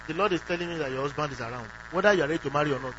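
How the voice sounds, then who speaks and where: A man's voice: a little high, racing. A man preaching a sermon who asks the congregation questions and acts out quoted prayers. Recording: dull lo-fi recording with faint hum.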